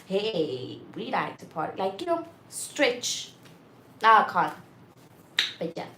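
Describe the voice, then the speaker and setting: A young woman chatting candidly and frankly, often getting loud and exasperated as she makes her point. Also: medium pitch, sing-song, takes it slowly. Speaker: vlogger. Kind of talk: candid casual chat. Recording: roomy echo with faint background noise.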